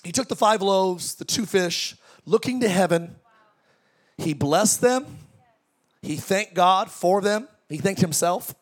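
A man with a high, bright voice preaches to a tent congregation. He keeps it lively, with jokes and questions thrown out to the crowd. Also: slow. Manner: energetic, joking preaching with audience call-outs. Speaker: pastor. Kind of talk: sermon. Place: large tent church.

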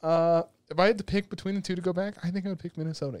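A man co-hosting a podcast, telling a long animated rant in casual chat. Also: high voice, rapid-fire, few pauses, smooth, no echo. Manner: animated ranting storyteller. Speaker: podcast co-host.

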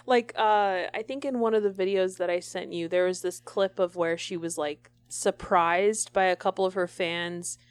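低めで滑らかな声の若い女性. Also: female voice, on the low side, steady tone, normal speed, few pauses, smooth. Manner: enthusiastic, chatty storyteller. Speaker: podcast co-host. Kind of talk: casual chat.

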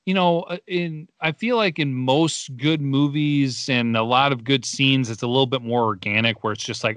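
A man's voice: mid-range voice, normal speed, few pauses, a bit bright, dry recording. A young man casually reviewing a movie in a rambling, laid-back way, laughing as he goes. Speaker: podcast co-host.

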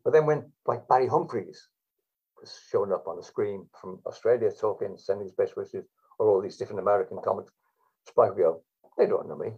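A man's voice: on the low side, fairly quick, breathy edge. A man telling stories as a guest in a rambling, hesitant way. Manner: rambling, hesitant, many fillers. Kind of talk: anecdotal storytelling. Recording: dull lo-fi recording.

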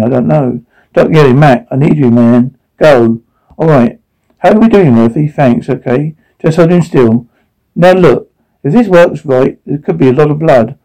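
A man reading out a drama's dialogue along with its sound cues, in one even voice. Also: medium pitch, creaky, poor audio.

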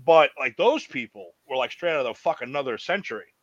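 Cursing New man, mid pitch, blunt storyteller, dry lo-fi podcast audio. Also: expressive, brisk, a bit bright, no room sound. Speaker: podcast co-host. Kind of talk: casual chat.

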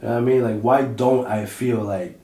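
A man's voice: medium pitch, normal speed. A man co-hosting a comedy podcast, chatting casually and animatedly with lots of slang and repetition. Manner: animated, repeats himself, slang-heavy. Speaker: podcast co-host. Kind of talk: casual chat. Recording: roomy echo, mic at a distance.

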